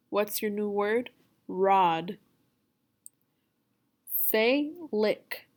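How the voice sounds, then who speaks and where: A woman teaching a phonics lesson for young children, sounding out words slowly and deliberately. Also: mid-range voice. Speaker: second grade teacher.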